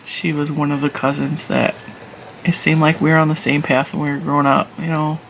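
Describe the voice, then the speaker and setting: A knitting and crochet channel host with a deep, level voice talks briskly about yarn while knitting, rambling on tangents and laughing at herself. Faint music plays behind her, and the audio is poor.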